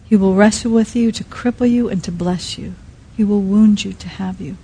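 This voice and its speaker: A woman preaching with a mellow, warm tone and a slightly husky edge. She speaks softly and haltingly, with restarts and fillers, and often sinks to a near-hush. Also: medium pitch, poor audio. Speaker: speaker at a Christian teaching. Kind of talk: sermon.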